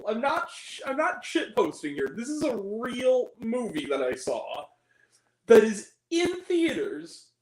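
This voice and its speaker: A man's voice: very high-pitched, darkish tone, echoey room, rough recording. A man ranting through a film review, sarcastic and exasperated, often laughing at the movie.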